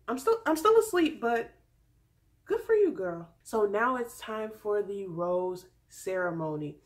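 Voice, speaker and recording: A woman in her twenties giving a sassy, candid recap in a casual chat with playful asides. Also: medium pitch. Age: 20s. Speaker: vlogger recapping a reality dating show.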